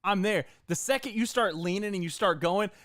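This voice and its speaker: A man's voice: high voice, brisk, fairly bright tone, no room sound, studio quality. A man co-hosting a casual sports chat stream, joking around and explaining plays in detail. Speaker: co-host.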